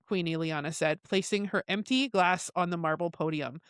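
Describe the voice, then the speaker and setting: A woman hosting a book podcast, reading long passages aloud with slips and corrections and breaking into loud reactions. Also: moderate pace, few pauses, clean tone, no room sound, clean studio sound. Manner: reads long quotes with stumbles and self-corrections; bursts into loud, high reactions while reading. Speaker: book club podcast host.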